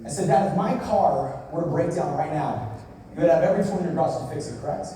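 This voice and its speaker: Young guy giving a motivational talk, high voice, echoey hall heard from far off. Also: fast. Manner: storytelling, dropping low and quiet for emotional parts. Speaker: speaker at a business event. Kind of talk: motivational speech.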